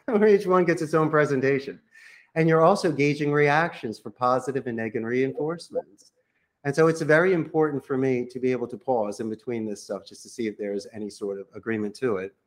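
A man who runs a call center, a guest on a podcast, coaching listeners on phone sales with lively acted-out sample calls. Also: mid-range voice. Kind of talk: podcast interview, coaching monologue.

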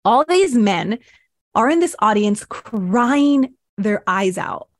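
An earnest woman speaks as a podcast guest, recounting her path to breathwork mentoring in casual conversation. She voices her old thoughts as little quoted asides, at a medium pitch. The sound is close and dry. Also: animated, slow, no echo. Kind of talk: casual interview storytelling.

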